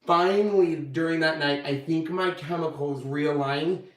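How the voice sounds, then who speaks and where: A man's voice: unhurried, roomy sound, distant mic, low-quality recording. A man hosting his own channel, casually telling viewers a story and acting out the quotes. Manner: animated, acts out quotes with big pitch jumps. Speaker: channel host.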